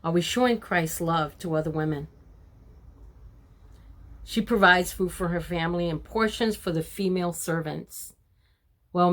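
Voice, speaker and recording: Older woman, homemaking vlogger; warm, preachy devotional chat. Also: lowish voice. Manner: warm, preachy, addresses viewers as ladies. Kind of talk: casual devotional talk to viewers.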